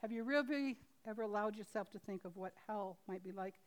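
A woman preaching a sermon and reading a story aloud from a book. She talks earnestly and haltingly, full of restarts, and swings from loud emphasis to a hushed hush. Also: mid-range voice.

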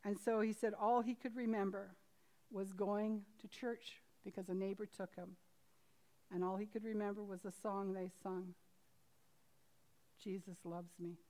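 A preaching woman reads a book's story aloud, earnest and faltering, repeatedly starting over. At a medium pitch with a steady tone, she goes from emphatic loudness to a soft hush.

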